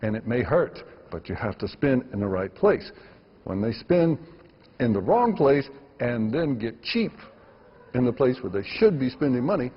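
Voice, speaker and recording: A man's voice: mid-range voice, big pitch swings, normal speed, husky, big-room sound, dull audio. A man, a filmmaker guest, answering interview questions emphatically and repeating words for stress.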